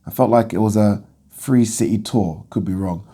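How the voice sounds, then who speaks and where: A man talks straight to his viewers in a casual monologue. His voice sits fairly low and mellow. He is blunt and opinionated and swears freely when something annoys him. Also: moderate pace, husky. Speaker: boxing channel host.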